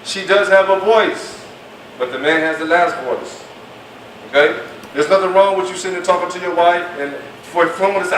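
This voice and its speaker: High-voiced man lecturing in an echoey room. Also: normal speed, a bit bright. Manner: emphatic, colloquial, acts out quoted speech. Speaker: Islamic class teacher. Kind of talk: classroom lecture. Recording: echoey room, mic at a distance, faint noise.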